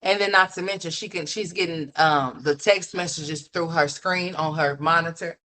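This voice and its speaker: A woman's voice: lowish voice, normal speed, sharp tone. A woman doing casual live commentary as a streamer, blunt and profane, scolding the person she is reacting to. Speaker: livestream commentator. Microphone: streaming mic.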